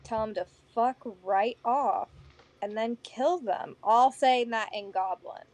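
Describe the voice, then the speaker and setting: A woman's voice: on the high side, slow pace, a little mellow. A woman playing a tabletop game, speaking bluntly and casually. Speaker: player.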